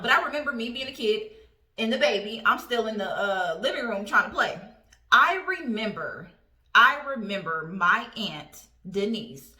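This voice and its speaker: A woman in her twenties telling a personal story in a casual vlog, animated and profane. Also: medium pitch. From Indiana. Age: 20s. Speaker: storytime vlogger. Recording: roomy echo.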